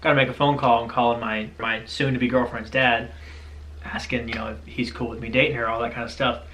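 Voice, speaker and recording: A young man, co-hosting a casual chat and telling a story with animated quoted voices. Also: mid-range voice, fairly quick, slight background noise. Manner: animated storyteller, puts on voices when quoting. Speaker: co-host.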